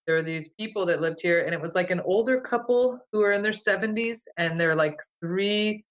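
A woman's voice: fairly low pitch, brisk, dull audio. Woman telling a rambling personal story. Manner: rambling, many restarts and fillers. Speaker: guest. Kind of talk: casual storytelling.

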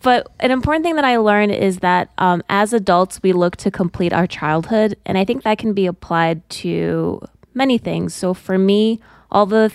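A woman on a podcast talking in a reflective, measured way. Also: mid-range voice, gravelly, clear, resonant tone, no room sound. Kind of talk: casual chat.

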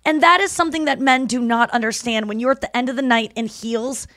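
Animated high-voiced woman telling stories. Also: fast, dry recording, studio quality. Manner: animated storytelling, acts out quotes loudly. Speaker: podcast co-host. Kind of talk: casual chat.

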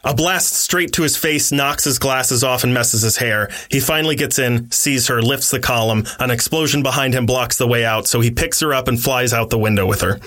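Brief: podcast host, male, bright and lively narration. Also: mid-range voice, moderate pace, few pauses. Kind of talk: casual story retelling.

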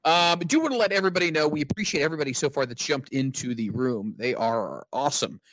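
A man's voice: on the high side, fast talker, a bit bright, dry recording. Dry-voiced male host, chatty. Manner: loose, joking, thanks the audience. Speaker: show host. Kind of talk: casual live-stream chat.

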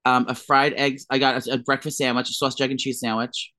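A man's voice: mid-range voice, flat delivery, bright, forceful tone, no echo. A man co-hosting a podcast, chatting casually and telling dramatic gossipy stories. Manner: fast, gossipy, dramatic storytelling. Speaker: podcast co-host. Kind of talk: casual chat.

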